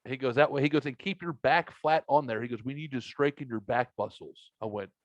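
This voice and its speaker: A man's voice: medium pitch, brisk, no room sound, highs cut off. Profane, rambling podcast host, man. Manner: profane storytelling, acts out both sides of conversations. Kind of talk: casual chat. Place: home basement room.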